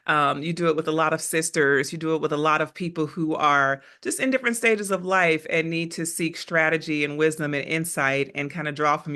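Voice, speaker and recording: Woman, podcast host, bright voice, effusive, casual chat. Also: low voice. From East Coast of the US. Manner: upbeat, effusive, laughs often.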